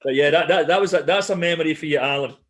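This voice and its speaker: A man's voice: fairly high pitch, rapid-fire. A man co-hosting a casual podcast, telling anecdotes animatedly and laughing as he goes. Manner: animated storyteller, laughs through his anecdotes. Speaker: podcast co-host.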